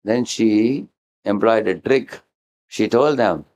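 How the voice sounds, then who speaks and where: A man's voice: lowish voice, slow. A man giving a devotional lecture, acting out characters' lines and often asking the audience "huh?". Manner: animated storyteller, acting out dialogue and chanting verses; frequent questioning "huh?" to the audience. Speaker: devotional speaker.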